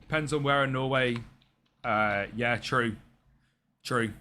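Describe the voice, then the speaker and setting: A man's voice: medium pitch, slow, pushed and bright, clear, resonant tone. A young man chatting casually on a live stream, rambling and answering viewers by name as he plays. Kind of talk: casual live-stream chat while gaming.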